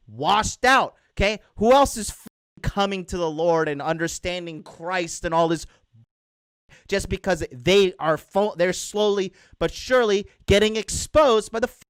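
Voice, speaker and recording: A man's voice: sits high, a bit bright, clear, resonant tone, no echo, studio quality. A man coaching male viewers on dating in a blunt, profane rant, clipping off his own swear words and hammering each point with "all right?". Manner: hammers points with repeated tag questions. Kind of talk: ranting monologue to male viewers.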